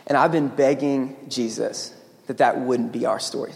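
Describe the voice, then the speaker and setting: A man preaching a lively sermon as pastor, joking with the congregation. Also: mid-range voice, normal speed, creaky. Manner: energetic, joking, acts out quoted voices. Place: church sanctuary. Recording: long hall reverb.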